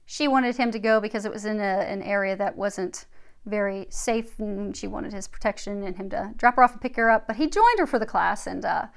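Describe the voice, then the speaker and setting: A woman, a spiritual healer, talking casually and animatedly before reading aloud from a book, with soft murmured asides. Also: medium pitch, a little fast, gravelly.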